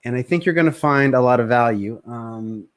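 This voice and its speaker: A man coaching on sales in a casual live-streamed talk, energetic and conversational, acting out short bits of customer talk. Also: mid-range voice, moderate pace. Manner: energetic, conversational, acts out prospects' voices.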